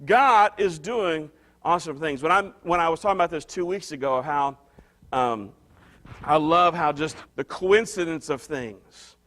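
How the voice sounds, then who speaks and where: High-voiced man preaching a conversational sermon. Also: moderate pace, a bit bright. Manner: conversational, restarts and repeats phrases for emphasis. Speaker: pastor.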